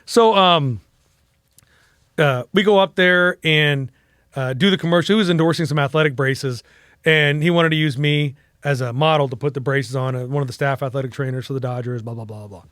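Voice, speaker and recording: Animated, profane storytelling man. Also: on the high side, normal speed, dry recording, studio quality. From United States. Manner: animated, profane, acts out quotes. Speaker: interview guest. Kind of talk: casual storytelling interview.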